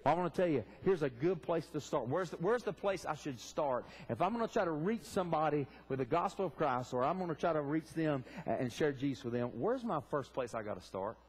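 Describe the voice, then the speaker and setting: A man's voice: fairly high pitch, expressive, fairly quick, hardly any pauses, breathy edge. A man preaching a sermon in a church, fervently asking the congregation direct questions. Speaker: pastor. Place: church sanctuary.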